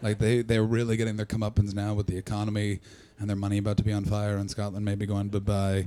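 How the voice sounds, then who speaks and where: A young man doing profane, mocking stand-up crowd work, bursting loud at times. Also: lowish voice, monotone, fast talker. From Canada. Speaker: stand-up comedian.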